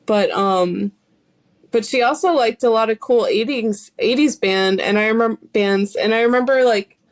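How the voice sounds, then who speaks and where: A woman's voice: on the high side, normal speed. A woman guest musician in a casual interview, easygoing and giggly, filling her talk with "like". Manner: heavy use of "like", giggly and easygoing.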